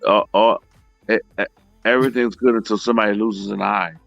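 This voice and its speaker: A man's voice: fairly low pitch, steady tone, a little fast, creaky, fairly bright tone, no room sound, muffled recording, soft background music. A man in a casual conversation, speaking in a laid-back way and often answering with short agreements.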